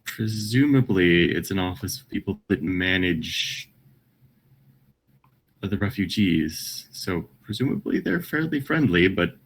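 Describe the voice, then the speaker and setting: A man's voice: sits low, animated, a little slow, slight background noise. A man playing a tabletop game, talking in a hesitant, polite way. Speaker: player. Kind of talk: casual tabletop play.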